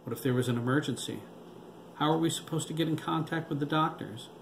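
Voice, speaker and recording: A man voicing a wry, cultured man who drinks cognac and frets quietly. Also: on the high side, fast talker, gravelly, pitched above the performer's own voice. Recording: roomy with background noise.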